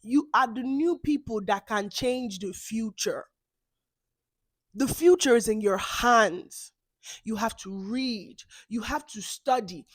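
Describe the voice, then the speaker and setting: A Nigerian-accented woman hosts her podcast with a fairly high voice, ranting and lecturing hard and bursting into loud yells. The sound is dry and close, with almost no room around her. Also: slow, no room sound. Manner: emphatic, lecturing, swings into loud outbursts. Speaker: podcast host. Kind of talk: ranting monologue.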